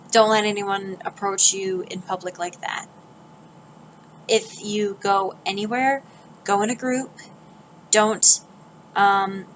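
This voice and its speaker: A woman with a General American accent tells a casual vlog story at a middle pitch. She rambles and restarts, filling gaps with ums. A faint noise sits under her voice. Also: fairly bright tone, rough recording. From northern United States, near Canada. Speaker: vlogger.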